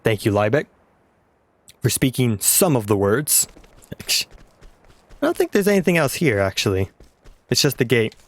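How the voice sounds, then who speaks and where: A man's voice: medium pitch, big pitch swings, moderate pace, pauses often, dry recording. A man casually commenting on a video game he plays, rambling and trailing off. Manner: rambling, chuckling, trails off mid-sentence. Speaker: let's play host.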